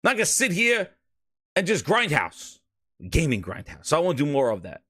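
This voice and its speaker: A man with a New York accent, hosting a casual gaming show, with hype-man shouting and loose, rambling talk that repeats itself. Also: on the high side, huge pitch swings, normal speed, husky, no echo, clean studio sound. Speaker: podcast host.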